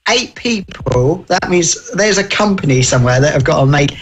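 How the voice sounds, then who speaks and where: A man's voice: on the high side, animated, normal speed, a crowd in the background. Chatty man talking racing. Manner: chatty, wry, chuckling asides. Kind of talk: casual motorsport chat.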